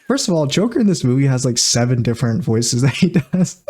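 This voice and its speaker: A man's voice: medium pitch, sing-song, brisk, a little mellow. A man co-hosting a podcast, rambling through recaps in casual chat, laughing often and filling gaps with "like" and "uh". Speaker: podcast co-host.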